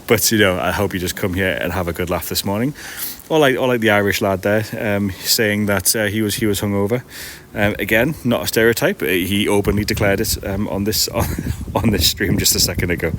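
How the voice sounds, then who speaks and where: Deep-voiced man rambling outdoors. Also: fairly quick, a bit bright. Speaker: streamer and podcast host. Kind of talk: casual rambling live-stream chat. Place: outdoor market stall in the early morning, seagulls around. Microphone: iPad. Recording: outdoor background noise.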